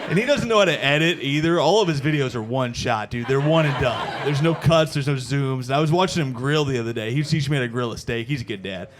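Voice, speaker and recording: A man in his thirties doing a stand-up comedy set on a stage mic, loose and chatty, calling the crowd "dude" and breaking into loud shouted impressions. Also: medium pitch, lively intonation, quick pace, few pauses, noisy background. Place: comedy show before a live audience.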